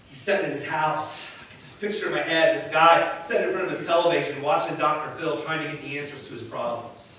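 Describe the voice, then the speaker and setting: A male pastor preaching a sermon in a church, telling the story dramatically and swinging between loud and hushed delivery. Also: fairly high pitch, slight background noise. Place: church sanctuary. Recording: echoey church hall from far off.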